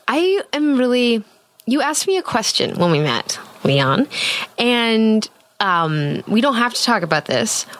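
A woman's voice: a little high, sing-song, slow pace, a bit bright. A young adult woman hosting a podcast, chatting candidly and giggling often. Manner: giggly, chatty, frequent laughs. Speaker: podcast host. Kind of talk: candid casual chat.

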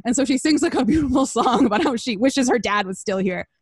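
A woman's voice: on the high side, animated, fast, slightly rough, no room sound. A woman hosting a comedy show, recapping a story in a crude, rambling, casual way. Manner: crude, rambling, lots of fillers.

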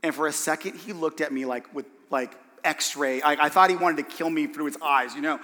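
A man gives a sermon as a pastor, telling a story with energy and acting out each voice in it. His voice sits a little high and has a bright, forceful edge. It rings with the long reverb of a large hall. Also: a little fast. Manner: animated, acts out the voices in his stories.

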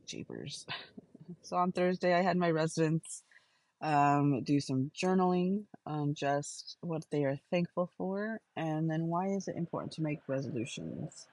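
A woman podcast host with a low-pitched, darkish voice talks into her phone's voice recorder from her car, keeping a casual stream-of-consciousness audio journal full of fillers and self-corrections. The recording is low quality with no echo.

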